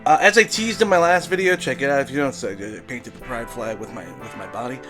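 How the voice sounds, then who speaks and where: A man's voice: mid-range voice, quick pace, over music. A young adult man from Brooklyn, telling a rambling, profane comedy story in a casual monologue. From Brooklyn, New York.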